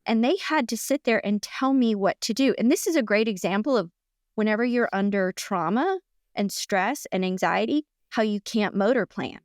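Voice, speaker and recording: A middle-aged woman, a podcast guest, telling a personal story in a chatty, animated way with lots of fillers and restarts. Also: mid-range voice, moderate pace, dry recording, studio quality. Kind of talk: casual storytelling in conversation.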